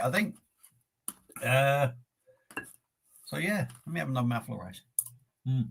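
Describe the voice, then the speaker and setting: A man's voice: mid-range voice, normal speed, vocal fry, long pauses, fairly bright tone, slightly rough. An older man, chatting casually on a live eating stream, breathless and rambling with his mouth burning from chilli, sweating and sniffling. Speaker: livestream host.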